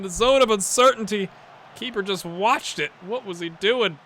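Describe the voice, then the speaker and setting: A middle-aged man giving live gameplay commentary on his football management game, swinging from low mutters to excited shouts. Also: moderate pace, a little hiss or hum. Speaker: gaming YouTuber.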